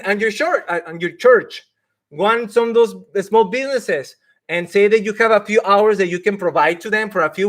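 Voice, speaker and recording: A man's voice: high-pitched, a bit bright. A man coaching people on IT careers during a live stream, emphatic, often laughing and acting out mock quotes.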